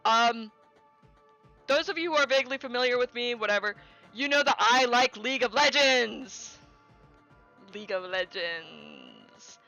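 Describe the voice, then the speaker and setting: A young woman streamer chatting casually, telling a story with lots of fillers, restarts and excited quoted lines. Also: on the high side, normal speed, faint music behind. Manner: animated, rambling with many fillers and restarts, quoting people in raised voice.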